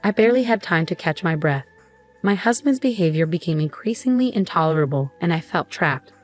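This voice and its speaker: A woman narrating a personal drama story in the first person, in an even, steady way. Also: fairly low pitch, a little fast, faint music behind.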